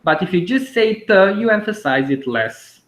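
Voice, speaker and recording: A man teaching a language lesson online, patiently explaining and repeating words slowly. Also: high-pitched, big pitch swings, a bit bright, echoey room, rough recording.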